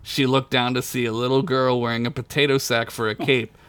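A man's voice: medium pitch, level tone, a little fast, a bit bright, clean tone, no room sound. A man narrating a tabletop story as game master in a crude comedic style, breaking into laughter at his own jokes.

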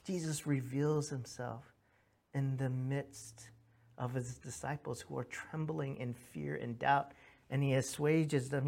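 A man's voice: medium pitch, slow pace, creaky. Pastor, man, 30s, conversational sermon delivery, earnest storyteller, mid-range voice. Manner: earnest, animated storytelling with frequent restarts and "right?" asides.

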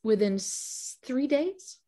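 A middle-aged woman guest on a podcast, telling a story in lively casual speech, acting out quoted conversations and laughing often. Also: high-pitched, slow pace.

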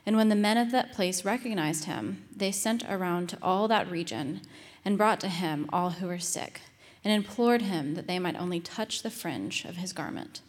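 A woman reading a Bible passage aloud in church in a measured, formal way. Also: fairly low pitch. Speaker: scripture reader. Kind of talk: scripture reading. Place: church sanctuary. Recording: long hall reverb.

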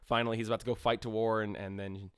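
A man co-hosting a casual movie review podcast, rambling and animated, full of fillers and the odd swear. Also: lowish voice, quick pace, smooth, no room sound, clean studio sound. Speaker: podcast co-host.

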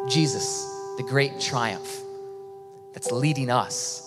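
A man from Michigan preaching a sermon to a large auditorium, earnest and often dropping to a soft, intimate hush. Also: a little high, animated, moderate pace. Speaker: worship leader and preacher. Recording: live hall with long reverb, faint music.

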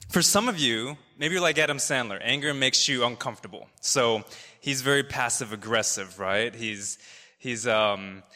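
A man's voice: medium pitch, moderate pace, bright, forceful tone. A man giving a conversational sermon to a congregation, loose and chatty with frequent fillers. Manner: conversational, laughing, many fillers. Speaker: preacher. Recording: hall reverb.

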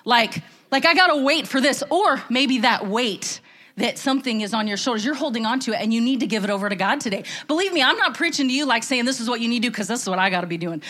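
A woman's voice: fairly high pitch, expressive, fast, fairly bright tone. A middle-aged woman giving a candid, emotional church testimony, rambling with restarts. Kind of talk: testimony sermon.

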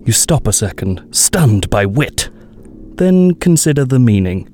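A man's voice: mid-range voice, very animated, measured pace, a little mellow. A man narrating a comic horror poem in rhyming verse with theatrical, swooping delivery.

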